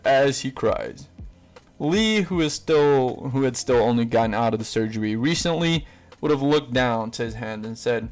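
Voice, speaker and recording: A man's voice: mid-range voice, lively intonation, normal speed. Casual rambling male fan story narrator. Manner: rambling, with fillers and self-corrections.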